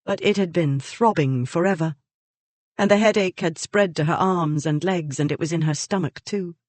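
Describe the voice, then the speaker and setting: A measured audiobook narrator of middling pitch, reading in a steady, even storytelling voice. The sound is dry and close, with no room around it. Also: no room sound. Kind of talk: scripted narration.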